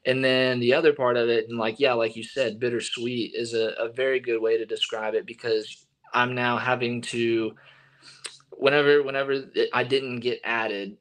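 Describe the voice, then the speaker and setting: A young man from Texas, a baseball pitcher, telling stories in a casual interview and acting out what others said. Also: normal speed. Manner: animated storyteller, acting out quotes.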